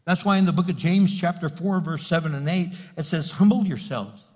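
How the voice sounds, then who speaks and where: A man's voice: high voice, fairly quick, darkish tone. A man preaching a sermon as pastor, building emphasis and acting out quotes. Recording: reverberant hall.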